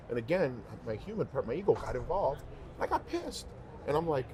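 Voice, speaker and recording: Animated, emphatic male singer. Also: medium pitch, fast talker, background noise. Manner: repeats himself, heartfelt. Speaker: professional singer, guest. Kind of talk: casual interview chat.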